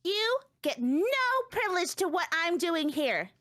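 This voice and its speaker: A woman's voice: very high-pitched, animated, measured pace, a bit bright, dry recording, studio quality, voice pushed up, exaggerated voice. A woman voicing a haughty, sassy little purple girl set on revenge.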